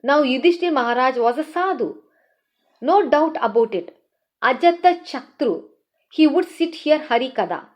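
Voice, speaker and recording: Woman teaching a scripture class. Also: high-pitched. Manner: lively storytelling, asks the class questions. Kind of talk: storytelling scripture lecture. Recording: dull lo-fi recording.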